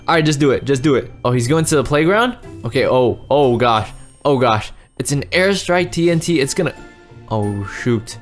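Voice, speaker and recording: Young man shouting over explosions. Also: medium pitch, animated, moderate pace, soft background music. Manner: loud, jumpy, shouting and laughing at explosions. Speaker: gaming YouTuber. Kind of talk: excited gameplay commentary.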